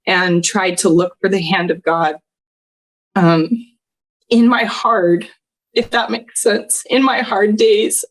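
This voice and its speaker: With a mid-range voice, a woman in her thirties shares a deeply personal story as a podcast guest. Earnest and heartfelt, she often comes close to tears and laughs her way through.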